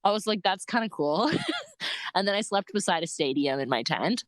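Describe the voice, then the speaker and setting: Animated young woman telling a trip story. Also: mid-range voice, moderate pace, no room sound. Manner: animated, laughs often, many "like" fillers. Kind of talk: casual storytelling chat.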